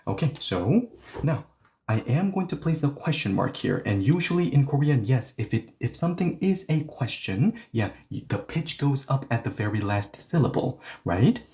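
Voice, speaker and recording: Man, language teacher, online lesson, mellow tone, animated step-by-step explaining. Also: mid-range voice, moderate pace. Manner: animated, explains step by step, often asks "right?".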